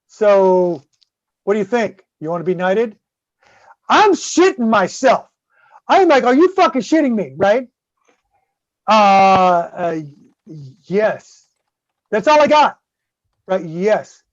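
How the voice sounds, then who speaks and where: A man's voice: high voice, lively intonation, slow, pauses often, no echo. A man guest-hosting a podcast, telling a long rambling story full of swearing and constant "right?" checks. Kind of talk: casual profane storytelling. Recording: dull, dry close-mic sound.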